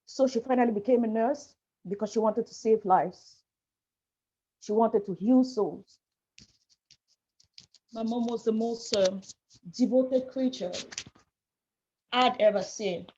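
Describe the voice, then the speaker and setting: A woman speaking as a panel guest over a video call, halting and apologetic as she shares a painful personal story. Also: fairly high pitch, warm tone, a little hiss or hum. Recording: muffled lo-fi video call audio.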